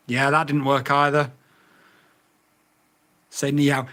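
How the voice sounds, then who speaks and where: A man's voice: mid-range voice, little pitch movement, slow pace, pauses often, pushed and bright. A man reviewing a drone radio in a casual vlog, getting exasperated and swearing as he repeats voice commands.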